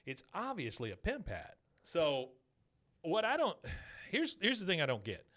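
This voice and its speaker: A man's voice: on the high side, huge pitch swings, a little slow, fairly bright tone. A man co-hosting a podcast, recapping a cartoon episode in casual chat, laughing often and acting out the characters' lines as he goes. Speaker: podcast co-host.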